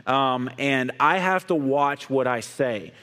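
A man with a mid-range voice talks in an earnest, measured way during a Bible discussion, pausing often. His voice carries a long reverb from the room. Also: medium pitch, fairly bright tone. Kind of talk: casual discussion.

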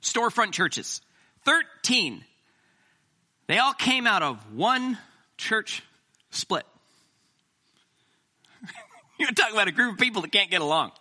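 Man, middle-aged pastor, sermon, high voice, joking asides. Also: slow pace, long pauses. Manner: animated, joking asides to the congregation.

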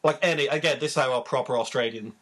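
A man co-hosting a podcast, telling funny news stories in a casual, animated way, laughing as he goes. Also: mid-range voice, fast, breathy edge. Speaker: podcast co-host. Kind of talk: casual storytelling chat.

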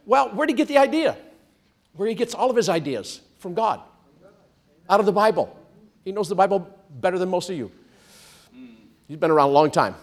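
A man preaching a sermon, stretching out words for emphasis and drawing responses from the congregation. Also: high-pitched. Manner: animated, drawn-out emphatic preaching with call-and-response. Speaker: pastor.

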